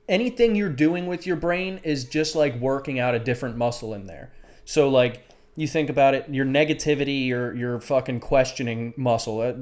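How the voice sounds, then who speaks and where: A young man co-hosting a casual podcast chat, his voice sitting at an ordinary middle pitch. He swears freely, calls his friend dude, and talks through his own self-doubt. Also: darkish tone. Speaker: podcast co-host.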